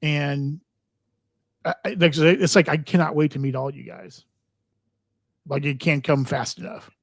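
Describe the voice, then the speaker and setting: Man, higher voice, eager, lots of fillers, dry close sound. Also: fairly even intonation, creaky, no echo. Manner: eager, halting, full of fillers. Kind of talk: casual livestream chat.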